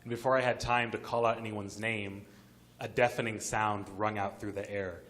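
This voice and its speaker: A man's voice: fairly low pitch, steady tone, moderate pace, heavy background noise. A man narrating a personal story at a live story slam on an arts center stage, vivid and building suspense.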